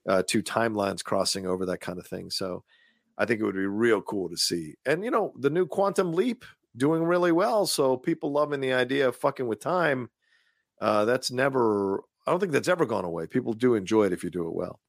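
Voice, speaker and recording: Lively gravelly-voiced man chatting. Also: medium pitch, brisk, dry recording, studio quality. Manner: animated, swearing, laughs often. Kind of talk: casual movie chat.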